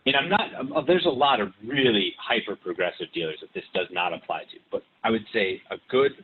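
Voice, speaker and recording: A man's voice: fairly low pitch, lively intonation, fairly quick. A man talking as a podcast guest in loose, rambling casual chat, with many restarts. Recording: tinny remote line with hiss.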